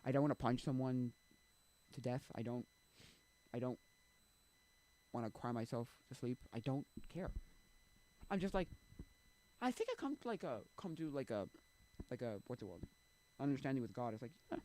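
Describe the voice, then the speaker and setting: A man's voice: mid-range voice, lively intonation, normal speed, long pauses, dark tone. A young man live streaming, rambling in casual chat with many restarts and trailing thoughts.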